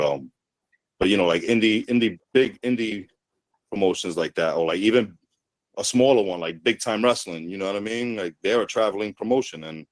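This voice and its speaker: A man's voice: low-pitched, no echo. A man talking as a pro wrestling guest in casual podcast chat, laid-back, swearing freely and tagging his sentences with "you know what I mean".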